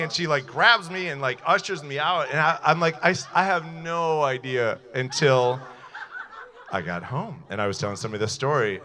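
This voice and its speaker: A man's voice: medium pitch, sharp tone. Rambling man telling a stage story. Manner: loose and rambling, with many fillers and laughs. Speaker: cabaret singer. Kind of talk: chatty stage storytelling between songs. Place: cabaret club stage.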